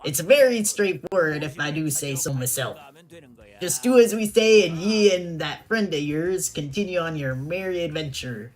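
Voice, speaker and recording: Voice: mid-range voice, animated, normal speed, close to an everyday voice. A streamer doing a swaggering pirate captain. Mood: menacing. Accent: put-on pirate accent. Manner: growling old-timey pirate speech. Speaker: streamer reading game dialogue.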